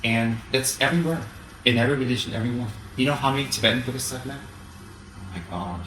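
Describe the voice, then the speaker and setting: A man giving an animated Dharma talk as a Buddhist teacher, often mocking the voices of his critics. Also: mid-range voice, fast, echoey room, background noise.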